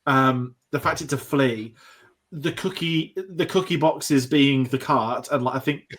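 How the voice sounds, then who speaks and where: A man's voice: mid-range voice, measured pace. A man co-hosting a film podcast, chatting enthusiastically and rambling with restarts. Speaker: podcast co-host. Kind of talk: casual film discussion.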